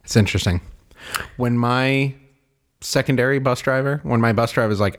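Man, low voice, goofy, laughs a lot, casual chat, acts out inner voices. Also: fairly even intonation, fairly quick. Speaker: podcast co-host.

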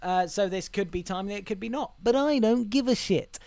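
A man hosting a comedy podcast, chatting casually, getting excited, swearing and laughing often. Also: high-pitched, brisk, gravelly. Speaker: podcast host.

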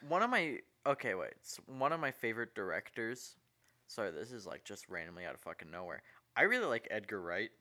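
A man's voice: fairly low pitch, very animated, brisk, pushed and bright. Rambling, jokey man in casual chat.

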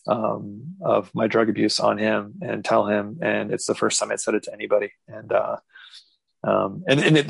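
A man in his thirties telling a candid personal story as an interview guest, halting with many restarts. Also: fairly low pitch, vocal fry, husky, no echo, low-quality recording.

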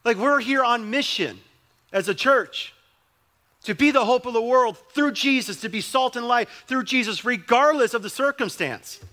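A man's voice: very high voice, normal speed, bright, forceful tone. A young adult male pastor preaching a sermon in a conversational way, with emphatic repetition.

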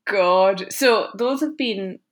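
A woman in her forties speaks easily in a casual interview as an actress and podcast guest, her voice fairly low, a bit bright, and at normal speed. A lazy tongue gives her a slight lisp, and she's self-deprecating, often laughing at herself.

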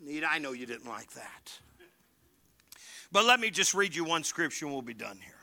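A middle-aged man preaching a sermon as pastor, animated and joking with his congregation, swinging between loud and hushed. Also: a little high, moderate pace, vocal fry. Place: church hall.

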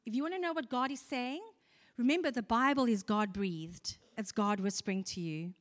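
Woman preacher with a slightly high voice, earnest and chatty with the congregation, recorded in a hall with a long echo. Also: normal speed. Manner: earnest, conversational, with rhetorical questions to the congregation. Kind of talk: sermon.

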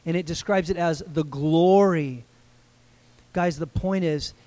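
A man preaching a sermon to a congregation, conversational and energetic, building to loud cries at times. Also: high-pitched. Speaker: pastor.

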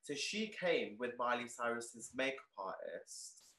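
A young man tells a story as an interview guest in a bright, ringing voice, excitable and leaning on "like" as he goes. The sound carries a roomy echo. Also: medium pitch, unhurried. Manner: excitable, peppered with "like", animated retelling. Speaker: guest, clothing shop owner.

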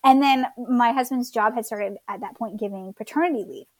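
A woman's voice: on the high side, brisk, a little mellow, dry recording. A woman in her thirties from Florida casually telling her birth story as a guest, chatty with many fillers.

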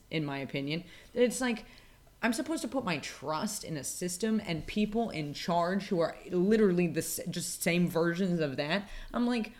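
A woman co-hosting a casual podcast chat, ranting with heavy profanity and sarcasm. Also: sits low. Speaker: podcast co-host.

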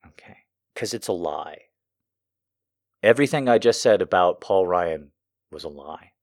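A man's voice: low-pitched, expressive, a little slow, no echo, studio quality. A man from the United States delivering a heated, profane and emotional political rant as a commentator.

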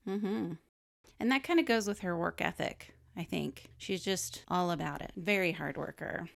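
A woman's voice: fairly low pitch, lively intonation, normal speed, vocal fry. A woman co-hosting a casual podcast, reading from her research notes in a chatty way, explaining as she goes and laughing often. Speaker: podcast co-host.

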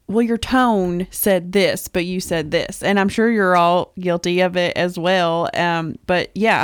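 A woman with a fairly low voice speaks thoughtfully in a podcast discussion, hesitating as she goes. The recording is dry and close. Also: dry recording.

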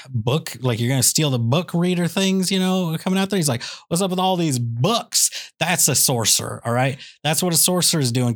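A man on a podcast doing an excitable comedic rant. He keeps tagging his lines with "okay?" and "all right?", and his voice jumps high when he gets worked up.

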